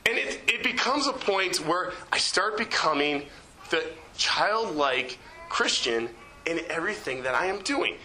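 A man in his twenties, a youth leader giving a chatty, animated sermon in a church, with lots of fillers. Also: sits high, measured pace, echoey room, a little hiss or hum, rough recording. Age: 20s. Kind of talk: informal sermon.

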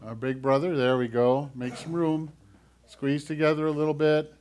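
A man giving a children's sermon as pastor, gentle and playful as he talks to the kids. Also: on the high side, moderate pace.

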